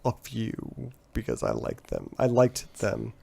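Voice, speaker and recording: A man's voice: fairly low pitch, huge pitch swings, measured pace, gravelly, a little mellow, slight background noise. A middle-aged man co-hosting a casual post-show chat, telling a story with frequent laughter and free swearing. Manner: laughs often while telling stories, swears freely. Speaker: podcast co-host.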